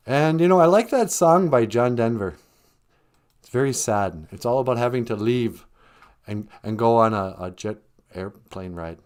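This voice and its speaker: A man's voice: fairly low pitch, darkish tone. A man hosting a casual livestream chat, rambling through dry joking asides. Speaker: show host, cartoonist.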